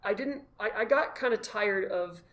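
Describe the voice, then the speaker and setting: A man as the guest, telling his story in an animated, self-deprecating way and acting out his own past thoughts. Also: sits high, moderate pace. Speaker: guest, costumed charity volunteer. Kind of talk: casual storytelling in a conversation.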